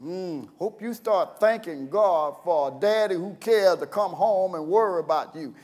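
A man preaching a sermon as pastor, folksy and storytelling, breaking into sudden shouts and chuckles. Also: sits high, unhurried.

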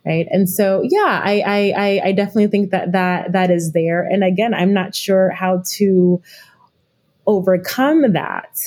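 Slow husky-voiced woman guest. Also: mid-range voice, darkish tone. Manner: reflective, with frequent restarts. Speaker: guest expert, leadership consultant. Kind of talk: podcast interview conversation.

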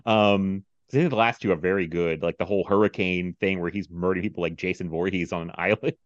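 A man's voice: deep voice, fast, no room sound, lo-fi sound. A man hosting a casual movie podcast, telling stories with lots of laughs and mimicking people. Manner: animated storyteller, mimics people, laughs often. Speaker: podcast host.

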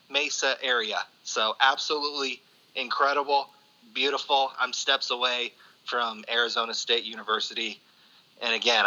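Bright-toned man on dull remote audio. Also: medium pitch. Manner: easygoing, halting with fillers. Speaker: podcast guest. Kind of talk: casual podcast chat. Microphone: remote call.

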